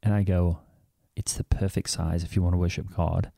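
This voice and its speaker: A man's voice: low voice, little pitch movement, normal speed, vocal fry, dark tone, dry recording, studio quality. A man with a Kiwi or Aussie accent voicing a touchy, devout megachurch dad who talks earnestly and rambles with restarts, as co-host of an improvised satire. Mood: earnest aggrieved. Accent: New Zealand or Australian. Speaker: podcast co-host. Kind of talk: improvised satirical character comedy.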